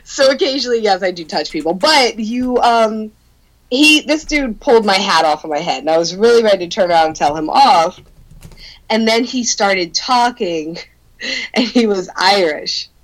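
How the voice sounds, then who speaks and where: A young adult woman telling a story in casual chat, animated, laughing often, swearing and peppering her talk with "like.". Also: mid-range voice, moderate pace, poor audio.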